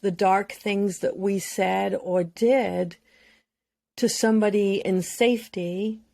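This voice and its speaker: A woman's voice: medium pitch, steady tone, takes it slowly, creaky, dark tone, dry recording. A woman, a mental health expert, speaking candidly and emotionally as a guest on a podcast. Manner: earnest, emotional, speaks in long flowing runs.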